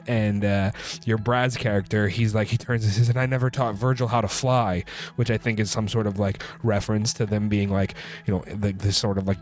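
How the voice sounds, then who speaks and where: A man's voice: lowish voice, darkish tone. A man hosting a casual movie review show, rambling through the plot with many filler words and restarts. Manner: sipping a drink while recording. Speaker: movie review podcast host.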